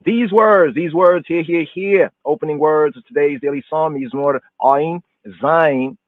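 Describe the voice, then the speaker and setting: Slow, chanting man on a tinny line. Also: a little high, no echo. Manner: slow, repetitive chanting recitation. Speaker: podcast host. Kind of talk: psalm reading and teaching. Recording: tinny phone-line audio.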